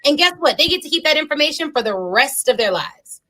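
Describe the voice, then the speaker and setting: A woman's voice: high voice, expressive, brisk, bright, forceful tone, low-quality recording. A woman hosting a podcast interview, speaking emphatically in a coaching tone. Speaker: podcast host.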